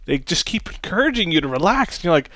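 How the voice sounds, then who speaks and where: Easygoing man with a higher voice, dry sound. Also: sing-song, quick pace, sharp tone, dry recording. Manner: easygoing, laughs often, reflective. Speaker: podcast host. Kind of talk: casual chat.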